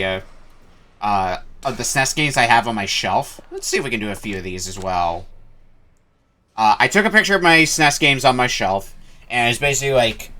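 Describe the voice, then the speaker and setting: Male game streamer, casual rambling chat, bright voice, lively pitch. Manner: casual, rambling, hesitant with fillers. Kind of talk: live gameplay commentary.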